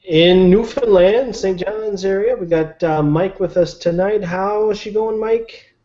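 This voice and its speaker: Man hosting live chat show, relaxed joking delivery, mellow voice, dull lo-fi sound. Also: sits high, unhurried. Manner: laid-back, jokey, chatty. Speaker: host. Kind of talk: casual live podcast chat. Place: home in Nova Scotia. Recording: lo-fi online call audio.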